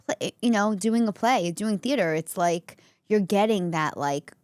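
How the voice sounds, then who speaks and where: A woman with a New York accent hosts a casual interview chat. She is talkative and laughs easily, at a middling pitch. The recording is close and dry. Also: a little slow, a little mellow, clean tone, no room sound. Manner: chatty, laughs often. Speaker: podcast host.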